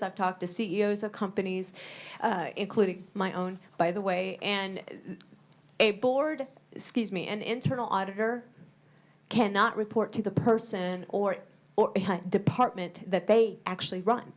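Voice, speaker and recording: Earnest emphatic woman at a board meeting. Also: medium pitch. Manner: earnest, emphatic, repeats key words. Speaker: school board member. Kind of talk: public meeting remarks.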